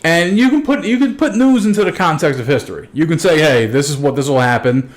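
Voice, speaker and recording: A man's voice: on the high side, animated, quick pace. A man in a casual podcast chat, thoughtfully explaining his views with some casual swearing. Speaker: podcast co-host.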